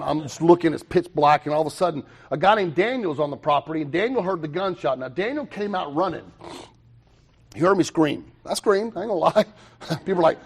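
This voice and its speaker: A young man telling his own recovery story to a meeting, animated, with quick asides and self-mocking humor. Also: on the high side, breathy edge. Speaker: recovery speaker.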